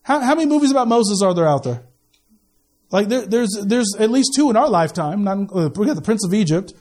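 High-voiced joking male pastor. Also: lively intonation, a little fast, darkish tone. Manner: conversational, joking, repeats words when starting a sentence. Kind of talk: sermon.

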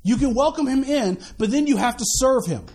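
A man with a strikingly high voice delivers a sermon at a church service. He talks to the congregation in a casual, lively way, stumbling into restarts and tossing off quick asides. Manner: conversational and animated, with many restarts and quick asides. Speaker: pastor.

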